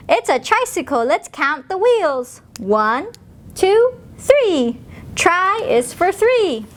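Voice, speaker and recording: A woman who is a children's librarian, reading aloud and teaching preschoolers in a gentle, sing-song way. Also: very high-pitched, sing-song, drawn-out words, a little hiss or hum. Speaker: children's librarian hosting story time.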